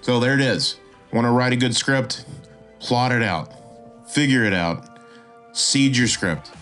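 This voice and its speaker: A man hosting a screenwriting podcast, talking casually and swinging his pitch up and down, with frequent restarts. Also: animated, a little slow, fairly bright tone, faint music behind. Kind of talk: casual instructional talk.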